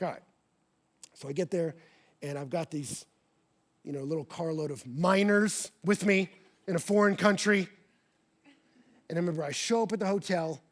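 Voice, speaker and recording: Animated high-voiced preacher telling a story. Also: male voice. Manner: animated, acts out quoted voices, swings from loud to hushed. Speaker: pastor. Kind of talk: sermon with storytelling. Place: church stage before a congregation.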